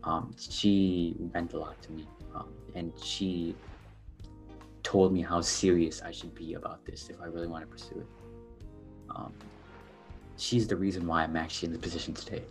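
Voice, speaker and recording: A young man with a very low voice tells a personal story as a podcast guest. His delivery is earnest and halting, full of ums and restarts. Soft music sits faintly behind him. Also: level tone. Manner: earnest, hesitant, many fillers.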